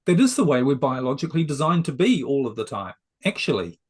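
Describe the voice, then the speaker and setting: A man who is a success coach, a guest on an interview show, explaining ideas in a gently persuasive, conversational way. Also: medium pitch, big pitch swings, fast talker, husky.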